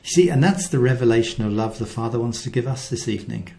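A man giving a devotional talk, telling the story with animated acted-out quotes and dropping to a soft hushed voice for key lines. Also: mid-range voice, fast talker, creaky. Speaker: Christian speaker.

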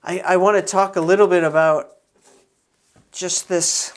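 A middle-aged man preaching in a relaxed storytelling way, with frequent restarts and quiet, intimate asides. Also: sits high, unhurried. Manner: conversational, many restarts, soft intimate asides. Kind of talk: sermon storytelling.

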